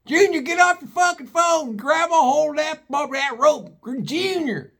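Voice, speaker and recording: A man's voice: measured pace, sharp tone, full character voice. A man voicing a frantic young redneck man who hollers and curses at his distracted brother. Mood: frantic yelling. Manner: shrill hollering, cursing.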